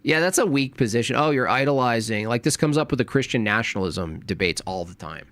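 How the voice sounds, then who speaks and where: A man's voice: mid-range voice, very animated, quick pace, fairly bright tone, no echo. A man giving sarcastic, mocking casual commentary as a vlogger. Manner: sarcastic, mocking, with acted back-and-forth quotes.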